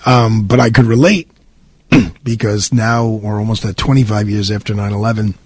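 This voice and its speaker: Middle-aged New York man, radio host, lowish raspy voice, halting casual monologue. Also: flat delivery. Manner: rambling, halting, many fillers and restarts. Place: radio studio.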